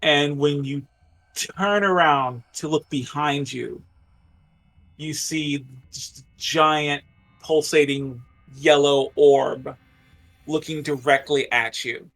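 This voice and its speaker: A man narrating a tabletop game as game master, halting and full of fillers, going hushed for suspense. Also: on the high side, fairly even intonation.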